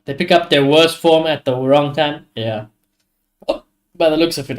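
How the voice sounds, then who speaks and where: A man with a slightly higher-pitched voice hosts a live football watchalong. He gives blunt, opinionated reactions and swears often as the match plays out. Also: normal speed. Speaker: streamer hosting a football watchalong.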